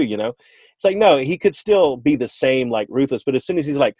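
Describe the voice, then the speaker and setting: A man's voice: mid-range voice, expressive, fairly quick, a little mellow, no echo. A man co-hosting a podcast, chatting casually in a rambling, playful way and often correcting himself. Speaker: podcast co-host. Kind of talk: casual chat.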